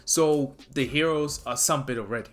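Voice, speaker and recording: A man casually retelling a fan story, rambling excitedly and tripping over names. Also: mid-range voice, normal speed.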